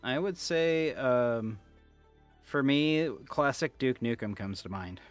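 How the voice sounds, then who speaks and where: A man's voice: medium pitch, lively intonation, slow, clear, resonant tone, faint music behind. Rambling, jokey man on a podcast. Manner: rambling, jokey, trails off with fillers. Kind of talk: casual chat.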